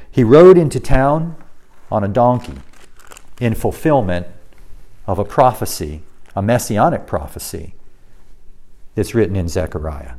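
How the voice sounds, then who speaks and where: A man's voice: lowish voice, a little mellow. A man preaching a sermon, reading scripture and acting out the quoted lines with emphasis. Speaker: pastor.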